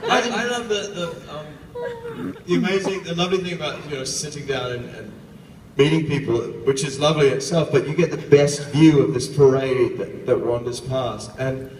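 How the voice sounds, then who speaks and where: A man's voice: fairly high pitch, a little mellow, slight background noise. A man on a convention panel, chatting in a playful, joking way. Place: convention hall. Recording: echoey hall from far off, crowd.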